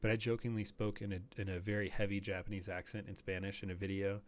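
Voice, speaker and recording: A man's voice: fairly low pitch, level tone, fast talker. A man streaming a hunting game, rambling casually and dropping to a near whisper while sneaking up on animals. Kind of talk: casual gameplay commentary.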